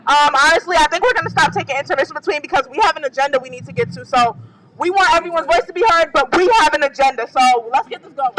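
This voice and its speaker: A man organizing a rally, making hurried, pleading announcements outdoors. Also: very high-pitched, fairly bright tone, low-quality recording. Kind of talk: emcee announcements. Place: outdoor protest crowd.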